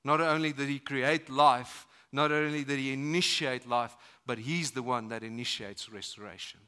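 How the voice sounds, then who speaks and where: Pastor guy preaching at church, bright sharp voice, goes big then drops real quiet. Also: mid-range voice, normal speed, clear, resonant tone. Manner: dramatic shifts between loud emphasis and hushed lines. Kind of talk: sermon. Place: church service.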